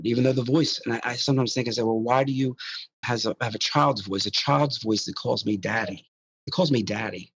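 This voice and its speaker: A man speaks as an interview guest, his voice somewhat low and husky. He rambles, circling back with false starts and repeated words. The audio is dull and lo-fi, close and dry. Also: no room sound. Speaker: guest describing contact experiences. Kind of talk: casual interview.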